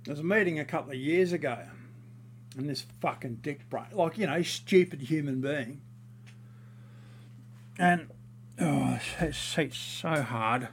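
A man's voice: a little high, a little slow, long pauses, a little hiss or hum. A man in a casual monologue, ranting heatedly and crudely, rambling with fillers and restarts.

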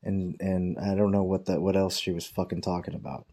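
A man's voice: deep voice, steady tone, a little fast, mellow. A man telling a rambling, profane workplace story in a casual way, quoting his coworkers in mocking voices. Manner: profane, rambling anecdote with quoted dialogue.

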